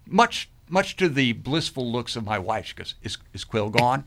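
A middle-aged man, a podcast guest, telling animated stories and acting out quoted voices. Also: medium pitch, unhurried, creaky, few pauses, very noisy. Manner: lively, acts out quoted voices. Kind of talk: animated storytelling.

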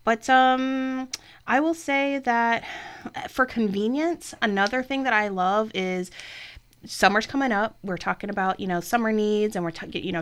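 A woman's voice: mid-range voice, fairly bright tone, smooth. A woman talking about her blood services work in a chatty, enthusiastic way, with lots of fillers. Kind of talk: casual interview talk.

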